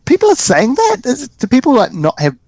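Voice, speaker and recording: Male co-host, blunt wry remarks, high lively voice, dry sound. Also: moderate pace, gravelly, no echo. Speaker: podcast co-host. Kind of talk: casual chat.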